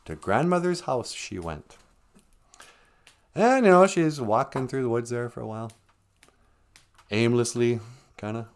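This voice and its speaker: A man's voice: mid-range voice, lively intonation, unhurried, long pauses. A man telling a folk tale casually on a live stream, rambling with joking asides and self-corrections. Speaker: storyteller.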